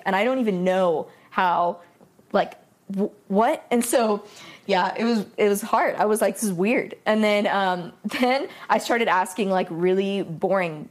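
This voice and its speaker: A young woman telling a story in a casual, animated way, laughing often as she talks. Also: mid-range voice, measured pace. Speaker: guest.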